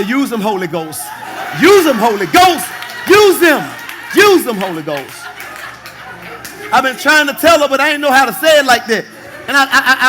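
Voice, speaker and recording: A male pastor preaching a lively sermon, shouting, laughing and acting out husbands and wives for his congregation. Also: high voice. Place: church sanctuary. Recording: live church service with congregation audible. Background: congregation responding.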